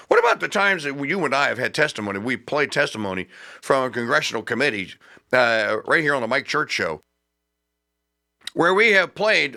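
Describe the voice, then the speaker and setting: Male talk radio host, fired-up and sarcastic, lively swooping pitch, bright tense voice. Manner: fired-up, sarcastic, laughs at his own points. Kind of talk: opinionated talk radio commentary.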